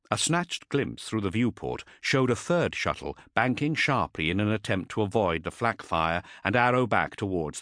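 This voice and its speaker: Man reading an audiobook, lowish voice, lots of up and down, dry close sound. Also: dry recording. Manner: expressive, dramatic storytelling. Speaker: narrator. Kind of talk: scripted audiobook narration.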